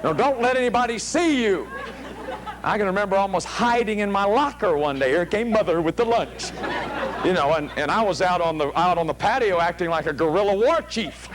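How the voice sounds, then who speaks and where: Lively, animated middle-aged male lecturer. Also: high voice, brisk, crowd noise, background noise. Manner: animated, storytelling, acts out quoted voices. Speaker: psychologist and lecturer. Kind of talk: televised lecture to a studio audience. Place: studio with an audience.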